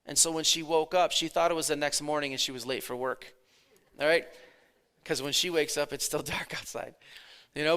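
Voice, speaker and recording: A pastor in his thirties giving a conversational sermon, dropping his voice low and then swelling for emphasis. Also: moderate pace, a bit bright, clear, resonant tone.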